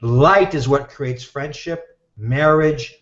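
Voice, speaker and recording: Guy telling stories over a video call, kinda high voice, roomy echo and dull muffled sound. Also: slow pace. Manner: animated storyteller, acts out quoted voices. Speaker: guest teacher. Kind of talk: storytelling in a live video call.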